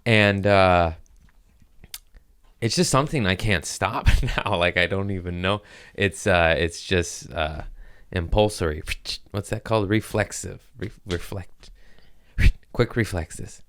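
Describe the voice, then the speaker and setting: A male comedian hosting a podcast, talking in a loose, rambling way and sliding into goofy put-on voices. His voice sits low and sounds smooth and clean. The talk is casual and full of jokes. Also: slow pace, fairly bright tone, no echo. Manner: rambling, jokey, slips into silly voices. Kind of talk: casual chat.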